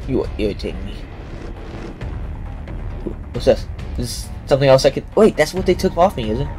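A man's voice: medium pitch, big pitch swings, a little fast, warm tone. A young man playing a video game and commenting as he goes, joking and talking back at the characters. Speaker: gameplay commentator. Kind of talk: let's play commentary. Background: game music.

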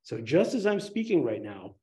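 A man gives a relaxed, conversational dharma talk to a meditation group. His voice is mellow and dark, yet it swings widely in pitch, jumping up high when he gets excited. He talks like a friendly storyteller. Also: normal speed. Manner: conversational, animated storytelling with sudden excited rises. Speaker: meditation teacher.

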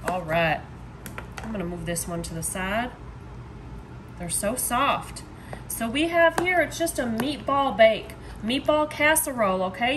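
A woman's voice: sits high, a little hiss or hum. A woman hosting a casual home cooking demo, chatty and upbeat, calling her viewers y'all. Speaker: home cook host.

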